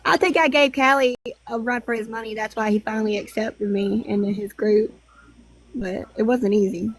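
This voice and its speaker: A woman's voice: fairly high pitch, fairly even intonation, normal speed. A woman in a casual livestream chat, joking, swearing freely and laughing often.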